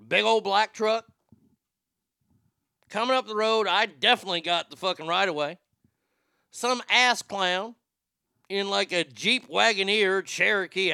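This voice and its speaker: Male host, sharp bright tone, ranting and cursing through stories. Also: sits high, creaky, clean tone, no echo, studio quality. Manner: profane, ranting, fired-up storytelling. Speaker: radio show host. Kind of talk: talk show rant.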